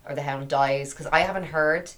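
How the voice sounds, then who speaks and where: A woman with a very low voice, reflecting thoughtfully in a casual discussion. She speaks at an easy, conversational pace. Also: steady tone, normal speed, a bit bright.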